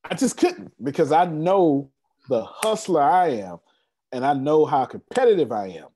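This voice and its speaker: A man presenting on an online meeting call, excitable and casual, repeating himself for emphasis. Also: fairly high pitch, normal speed, slight background noise. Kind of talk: animated motivational pitch.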